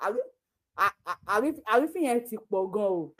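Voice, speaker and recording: A woman's voice: fairly high pitch, expressive, fast talker, noisy background. A Nigerian woman hosting her own channel, talking casually and laughing a lot, switching between Yoruba and pidgin English. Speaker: YouTube channel host. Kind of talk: casual live commentary.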